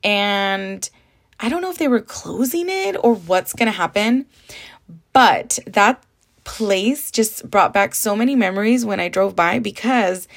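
This podcast host is a young woman from the desert region of Southern California who speaks in a medium pitch with lively intonation and a measured pace. Alone at the mic, she keeps things casual and frank, switching into Spanish and cursing freely.

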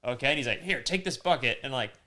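A man's voice: medium pitch, lively intonation, quick pace, pushed and bright. A young man in casual podcast chat, telling a long story and acting out the quoted lines with sudden jumps in his voice. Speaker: podcast host.

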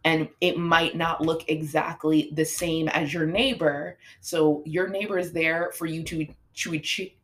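A middle-aged woman fitness coach hosting a podcast, talking casually and motivationally, acting out what her students say. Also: deep voice. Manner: chatty, animated, acts out her students' lines.

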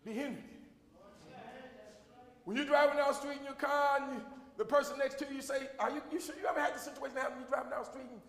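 A man preaching a sermon as pastor, with a Southern American accent, shouting and repeating refrains to a responding congregation. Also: extremely high pitch, steady tone, quick pace, pauses often. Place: church sanctuary with congregation. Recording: echoey hall recording.

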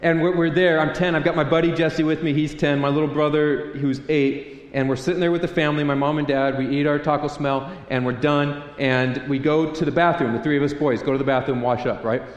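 A man's voice: on the high side, steady tone, a little fast, hardly any pauses, highs cut off. A male pastor in his thirties delivers a sermon in a casual, storytelling way. He animates his anecdotes with acted-out voices. The sound carries a long, roomy reverb, as if captured in a large church. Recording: echoey hall reverb.

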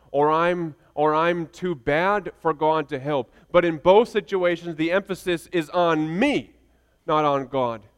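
A man preaching a sermon with an emphatic, repetitive cadence, moving between quiet reflection and forceful declaration. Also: medium pitch, smooth. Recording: long hall reverb.

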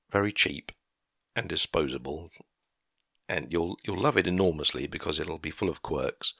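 A man in his fifties chatting on his own and drifting from one tangent to the next. His voice is very low and husky, with a bright, forceful edge. The sound is dry and close, with no echo. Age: 50s. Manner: rambling, easily sidetracked, chuckling at himself. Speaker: podcaster. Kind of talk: casual solo monologue. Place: garden shed workshop.

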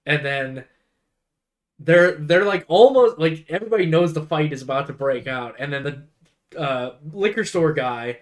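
Unhurried and expressive, a young man with a slightly high voice co-hosts a relaxed podcast where he recounts a film scene by scene. He rambles, using many fillers and quoting the characters.

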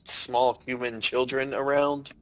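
A man playing a tabletop game, casual and dry in delivery, on low-quality home audio. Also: little pitch movement, slow pace, a bit bright. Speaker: player.

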